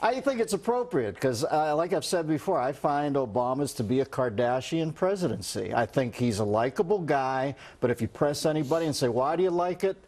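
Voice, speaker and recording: A middle-aged man doing sardonic, deadpan political wisecracks as a regular guest on a studio talk show. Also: medium pitch, fairly quick, few pauses. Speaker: comedian commentator. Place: television studio.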